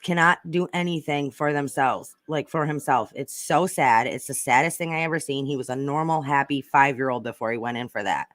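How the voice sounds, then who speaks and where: A woman's voice: rumbling low, brisk, few pauses, fairly bright tone, no echo, clean studio sound. Chatty woman livestreaming. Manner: chatty, rambling, swears freely. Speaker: livestream host reading chat. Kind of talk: casual chat.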